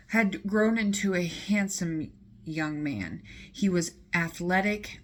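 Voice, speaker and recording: A woman chatting casually while doing her makeup, retelling a myth with lots of fillers and asides. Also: fairly low pitch. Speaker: beauty vlogger.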